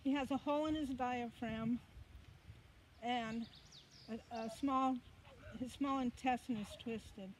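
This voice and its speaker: Woman congregant, high voice, very slow, halting; faint background noise. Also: fairly even intonation. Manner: halting, searching for words. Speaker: congregant sharing a prayer request. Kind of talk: speaking from the congregation. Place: outdoors, away from the mic.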